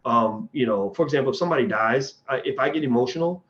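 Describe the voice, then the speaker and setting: This livestream host talks fast in a mid-range, fairly bright voice, though the recording is muffled. He responds to viewer questions with blunt opinions, rambling along and restarting sentences frequently.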